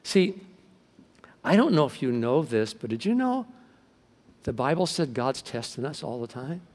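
A middle-aged man preaching a sermon as pastor, telling stories in a lively way and acting out the voices of the people in them. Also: mid-range voice, measured pace. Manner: animated storytelling, acting out quoted voices. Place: large church hall. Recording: long reverb from a large hall.

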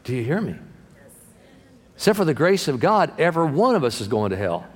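A man preaching a sermon as pastor, animated, acting out the voices of people he quotes and swinging between loud and soft. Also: on the high side, brisk, big-room sound, a little hiss or hum.

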